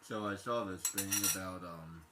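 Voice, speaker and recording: A man streaming live, chatting casually and rambling with lots of fillers as he talks fast. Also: deep voice, very noisy. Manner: rambling, filler-heavy, self-reflective; quick-talking. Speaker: livestreamer. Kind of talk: casual live-stream chat while gaming.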